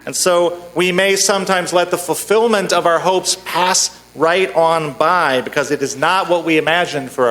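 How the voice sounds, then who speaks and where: A man giving a sermon in a church sanctuary, telling a joke in a measured storytelling way. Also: on the high side, fairly bright tone, rough recording. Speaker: minister.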